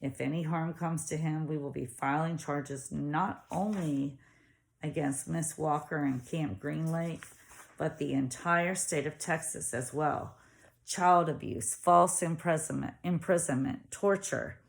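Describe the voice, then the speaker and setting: A woman voicing a small, determined woman lawyer who speaks forcefully and indignantly. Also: deep voice, a little slow, vocal fry.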